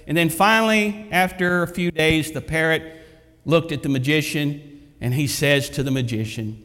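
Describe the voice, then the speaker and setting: Preacher man, tells stories, repeats stuff, kinda high voice, echoey hall. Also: normal speed, a bit bright. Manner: repetitive, storytelling, emphatic. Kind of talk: sermon.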